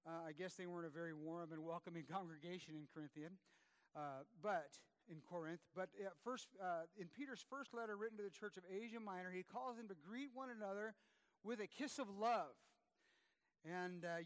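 A man's voice: high voice, fairly bright tone. A man preaching to his congregation in a conversational, self-deprecating way, with frequent fillers and restarts. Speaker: pastor. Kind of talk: sermon. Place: church.

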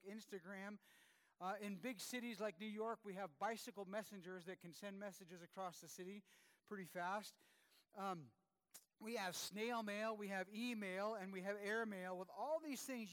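A man's voice: sits high, a bit bright. A man delivers a church sermon. He talks to the congregation casually, poking fun at himself, with plenty of ums and restarts. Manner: conversational, self-deprecating, with many fillers and restarts. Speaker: pastor.

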